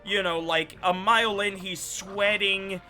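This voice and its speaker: A man's voice: high voice, fairly even intonation, unhurried, pushed and bright, faint music behind. A man streaming a game and telling a rambling, loose story with frequent self-corrections. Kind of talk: casual storytelling while gaming.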